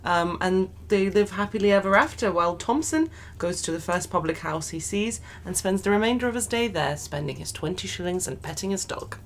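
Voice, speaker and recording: A woman's voice: lowish voice, animated, brisk, hardly any pauses. A woman, co-hosting a podcast and recapping a historical tale in a wry, matter-of-fact way. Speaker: podcast co-host. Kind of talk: casual history retelling.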